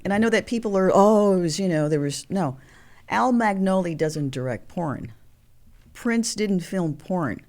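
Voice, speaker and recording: A woman in her sixties, a guest actress, telling animated stories and acting out the voices of people in them. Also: fairly low pitch, a little slow. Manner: animated storyteller, acts out quoted voices. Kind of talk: storytelling interview.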